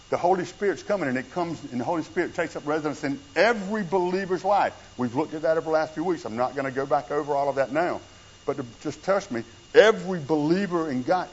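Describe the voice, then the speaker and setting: A man's voice: a little high, lo-fi sound, slight background noise. A middle-aged man preaching a sermon as a pastor, earnest and conversational, slipping into quoted asides.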